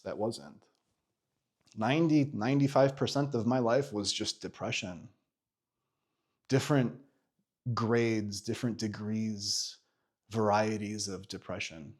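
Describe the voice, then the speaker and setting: A man in his thirties telling a personal story in a candid vlog, animated, swearing freely and full of fillers and restarts. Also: fairly low pitch. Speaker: vlogger.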